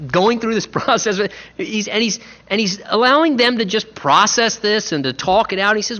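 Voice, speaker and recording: A man's voice: high voice, moderate pace, hardly any pauses. A man, a pastor, preaching a sermon and acting out the people in the story in his own voice. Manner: animated, acts out biblical voices in his own voice. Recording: lo-fi dull sound.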